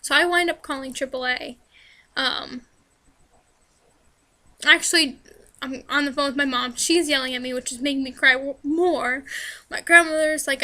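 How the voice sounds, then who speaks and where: A young woman talks into her camera, her high voice bright and sharp. She rambles with plenty of fillers and restarts, and her voice sounds a little hoarse. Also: steady tone, moderate pace. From New Jersey. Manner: chatty, rambling, many fillers and "like". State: hoarse, voice straining. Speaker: vlogger. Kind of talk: casual Q&A storytelling.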